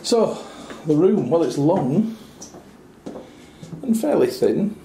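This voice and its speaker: Fairly high-pitched and dark in tone, a man's creaky voice moves slowly yet sounds very animated. He offers a wry, chatty look around a small hotel room for a travel review, adding dry asides. The audio is echoey, as in a small room, with faint noise.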